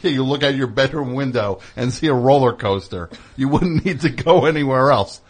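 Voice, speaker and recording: A man's voice: medium pitch, moderate pace. A middle-aged man hosting a radio show in a studio, chatting casually with an opinionated, teasing, rambling manner. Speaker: host.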